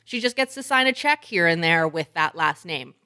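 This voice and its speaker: A woman co-hosting an advice podcast, animated and frank, laughing often and swearing casually. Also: on the low side, normal speed. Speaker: podcast co-host.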